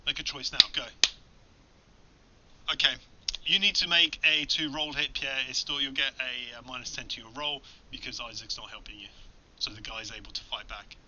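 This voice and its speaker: A man's voice: mid-range voice, fairly even intonation, normal speed, noisy background. A man running a tabletop horror game, talking loosely, swearing and laughing. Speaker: game master. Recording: dull lo-fi recording.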